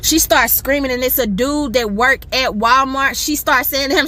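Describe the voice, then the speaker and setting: A woman telling an animated story to her phone from a parked car, acting out other people's voices. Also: high-pitched, moderate pace, hardly any pauses. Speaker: social media storyteller. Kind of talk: storytime video.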